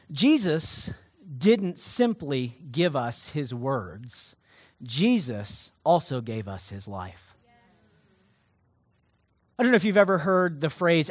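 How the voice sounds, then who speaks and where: A male pastor delivering a sermon to his church in an emphatic, energetic way. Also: high voice, no echo, clean studio sound.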